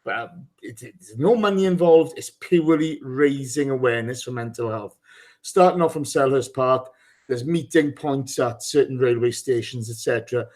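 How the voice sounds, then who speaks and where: A man's voice: medium pitch, moderate pace, darkish tone. A man hosting a live football podcast, teasing his co-hosts, swearing freely and reading out listener names. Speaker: podcast host. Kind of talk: casual live podcast chat.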